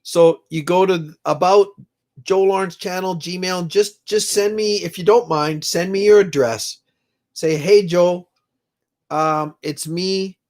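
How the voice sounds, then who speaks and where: Livestream host, middle-aged man, rambling and heartfelt, slightly high voice with an unhurried delivery. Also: steady tone, a little mellow. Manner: slow, rambling, emotional, prays aloud with viewers. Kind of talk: casual live chat reading comments.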